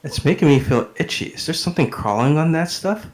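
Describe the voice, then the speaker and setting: A man's voice: on the high side, animated, brisk, voice pushed up, natural voice. A man voicing a jittery male adventurer who talks in an uneasy, whiny way.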